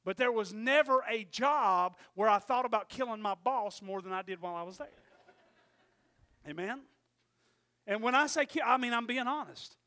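A man in his forties preaching a sermon, telling a story animatedly and swinging from hushed asides to shouted lines, with calls of "Amen?". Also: very high voice, normal speed.

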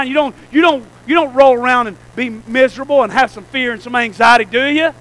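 A man's voice: very high voice, brisk, hardly any pauses, fairly bright tone, rough recording. A man preaching a sermon as pastor, calling out rhetorical questions to the congregation.

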